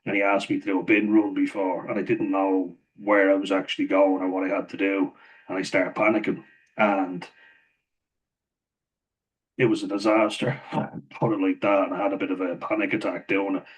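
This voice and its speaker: A man's voice: low voice, little pitch movement, normal speed, low-quality recording. A man telling a casual story about his past work, rambling with frequent chuckles and fillers. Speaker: vlogger.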